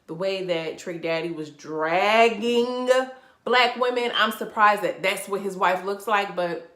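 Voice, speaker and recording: A woman's voice: mid-range voice, measured pace, a bit bright, roomy sound. A woman giving casual vlog commentary as a reality TV reviewer, talking bluntly and profanely with incredulous laughs.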